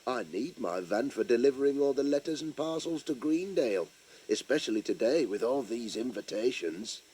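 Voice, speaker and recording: Playing a chatty, cheerful village postman, an actor narrates a children's story in a warm, slightly rough mid-range voice, animated and moderately paced. He addresses the young listeners directly in a chirpy way.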